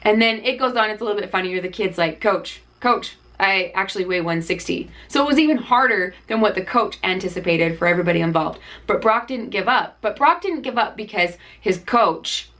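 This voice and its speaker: Chatty woman diy vlogger, telling a story all animated with lots of likes and ums. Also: mid-range voice, brisk, hardly any pauses. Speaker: DIY channel host. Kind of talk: casual storytelling vlog.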